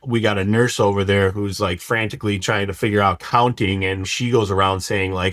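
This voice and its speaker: Low-voiced frustrated male guest. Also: fairly even intonation, brisk, few pauses, a bit bright, dry recording, studio quality. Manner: frustrated, rambling with restarts. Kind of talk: casual group conversation.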